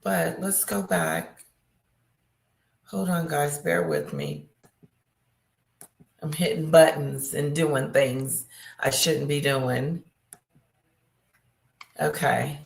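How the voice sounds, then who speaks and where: A woman's voice: low voice, animated, vocal fry. A woman hosting a livestream, chatting casually and unhurriedly with her viewers. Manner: unhurried, talks to chat. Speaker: livestream host. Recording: echoey room.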